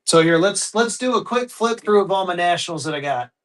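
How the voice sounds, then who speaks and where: A man's voice: sits high, lively intonation, fairly quick, fairly bright tone. A man selling at a live online auction, chatting casually to viewers and thinking aloud as he sorts his stock. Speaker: livestream auction seller.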